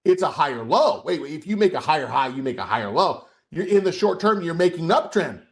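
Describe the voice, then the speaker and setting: A man's voice: fairly high pitch, sing-song, fast. A man coaching a live trading webcast, explaining in a conversational way and often checking in with his audience. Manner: conversational, asks the audience questions and checks in with "okay?".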